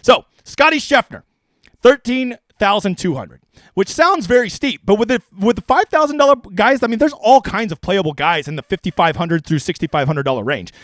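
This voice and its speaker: A man with a very high-pitched voice rattles on brashly through a casual live stream, swearing freely and going off on tangents. The sound is dry and close, with no room echo. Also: lively intonation, brisk, a bit bright. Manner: brash, profane and rambling. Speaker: fantasy sports streamer.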